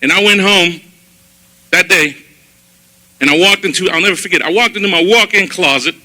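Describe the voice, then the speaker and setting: Bright, high-voiced man giving testimony. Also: normal speed, low-quality recording. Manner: animated storytelling, acting out his own past words. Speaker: church testimony speaker. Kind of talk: personal testimony sermon. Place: church service.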